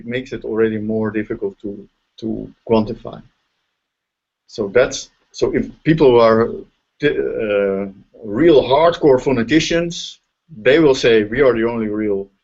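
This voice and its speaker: Dutch-accented professor on a dull video call. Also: male voice, mid-range voice, a little mellow, breathy edge. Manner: explains step by step, often checks in with "right?". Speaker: linguistics professor. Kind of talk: casual lecture over a video call.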